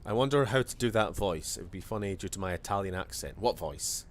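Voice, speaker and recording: A man's voice: deep voice, expressive, a little fast, slight background noise. A man with a Scottish accent, streaming a video game with rambling, jokey casual commentary. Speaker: gaming streamer.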